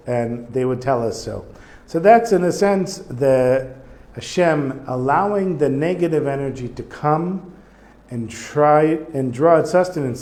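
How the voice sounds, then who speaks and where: A man leads a casual study lesson, reading lines of Hebrew and then unpacking them in easygoing English. He pauses to search for examples and talks as if thinking out loud, at a medium pitch. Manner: reads Hebrew text then explains it in plain English, thinking aloud. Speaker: Torah teacher.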